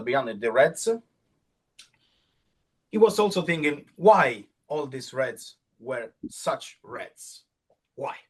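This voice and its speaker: Italian-accented man, storyteller, husky, slightly high voice. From Italy. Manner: mixing Italian phrases, halting restarts. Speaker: kamishibai storyteller.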